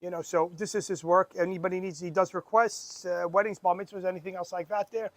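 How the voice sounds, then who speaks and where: High-pitched guy on a podcast, laughs through his stories, trips over words, dry sound. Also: flat delivery, brisk, no echo. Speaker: podcast co-host. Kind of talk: casual chat.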